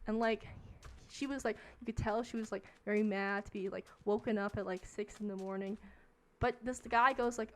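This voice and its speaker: A woman's voice: mid-range voice, fairly even intonation, moderate pace, fairly bright tone. A young woman streaming a game, rambling through a story in a casual rant and saying "like" in nearly every phrase.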